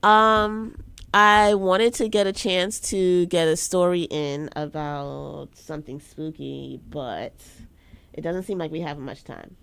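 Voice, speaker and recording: Slow-talking, laughing woman co-host. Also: lowish voice, steady tone, gravelly, a bit bright, clear, resonant tone. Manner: chatty, laughs often. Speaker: radio show co-host. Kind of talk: casual chat.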